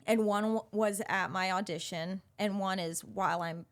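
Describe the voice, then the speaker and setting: A woman in her thirties, a podcast guest, telling a story in an animated, bubbly way and swearing freely. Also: medium pitch, moderate pace. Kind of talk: casual storytelling chat.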